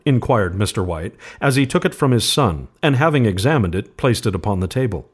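A man narrating a spooky storybook tale, steady and measured. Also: on the low side, husky. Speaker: podcast host. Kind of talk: storybook reading.

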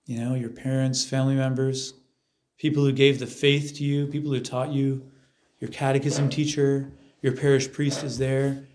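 A man leading a guided meditation in a relaxed, conversational way, telling the scene vividly and acting out the chants and voices of a crowd. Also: medium pitch, normal speed.

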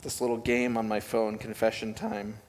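A man's voice: lowish voice, flat delivery, normal speed, a little mellow. A young male pastor giving a conversational, self-deprecating sermon and putting questions to his listeners. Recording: reverberant hall with faint ambience.

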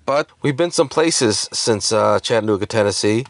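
A man's voice: fairly low pitch, animated, normal speed, no room sound. A man rambling through a casual podcast chat, joking and full of fillers. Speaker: podcast co-host.

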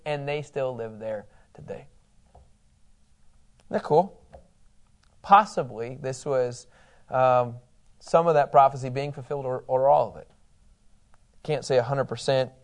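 A man's voice: medium pitch, moderate pace, darkish tone. A middle-aged man teaching a Bible class in a conversational way, reading scripture aloud and asking his listeners questions.

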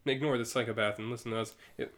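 A podcast co-host in a casual chat reads comic book lines aloud, putting on playful, goofy character voices and laughing often. His mid-range, slightly bright voice keeps a steady tone and comes out rapid-fire.

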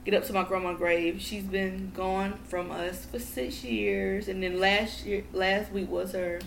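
Animated, profane woman telling stories. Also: mid-range voice, a little slow, gravelly, slight background noise. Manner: animated, profane storytelling with acted-out quotes. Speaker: guest. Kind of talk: casual podcast chat.

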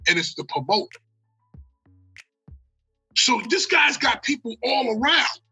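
An American man spinning a story in a bright, forceful voice with a husky edge. He talks with animation and plenty of swearing, and he acts out every quote. Faint music sits underneath. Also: very high voice, big pitch swings, unhurried, rough recording. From United States. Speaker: guest storyteller. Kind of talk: casual storytelling.

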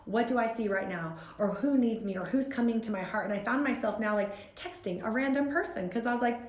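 A woman in her thirties, a guest on a faith-based podcast, talking in an earnest, rambling, animated way. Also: fairly high pitch, fairly quick, reverberant.

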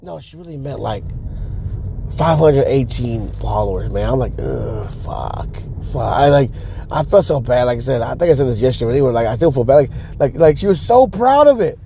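A man's voice: mid-range voice, expressive, brisk, warm tone. A man vlogging from his car in a rambling, profane, frustrated rant about his videos. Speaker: social media creator. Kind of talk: casual vlog rant while driving. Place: in a car on the road. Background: faint car noise.

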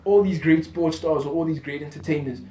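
A man's voice: a little high, fairly quick, warm tone, slight background noise. A man chatting casually on a podcast, slangy and talkative, often restarting his sentences. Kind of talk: casual chat. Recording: echoey room.

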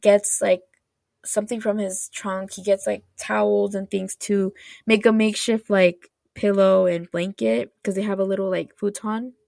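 Gravelly-voiced woman chatting casually. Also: medium pitch, flat delivery, moderate pace, darkish tone, no echo, studio quality. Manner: rambling, filler-heavy, laughs often. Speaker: podcast host. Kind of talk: casual chatty drama recap.

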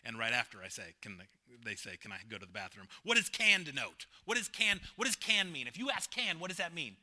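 A man's voice: fairly high pitch, sing-song, fairly quick. A man preaching a sermon as pastor, repeating key phrases and joking with the congregation. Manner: emphatic preacher, repeats phrases, swings from loud to hushed; jokes with the congregation, asks questions.

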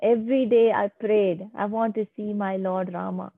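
A woman's voice: medium pitch, steady tone, moderate pace, creaky, no echo. A woman voicing an old male bear-king warrior who is devoted and remorseful, speaking in an earnest, pleading way. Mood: yearning. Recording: tinny phone-like, dry sound.

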